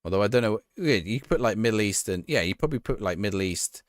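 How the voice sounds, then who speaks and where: A man's voice: on the low side, lively intonation, quick pace, dry recording, clean studio sound. A man streaming a football management game live, reacting to the action and chatting with his viewers.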